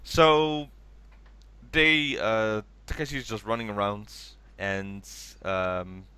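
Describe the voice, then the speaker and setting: A man with a low, bright and smooth voice, recorded close and dry. He sounds tired and rambles through a recap, jumping into quoted lines with a sudden raised voice. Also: steady tone, takes it slowly, no echo. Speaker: podcast co-host. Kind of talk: casual chat recapping a TV special.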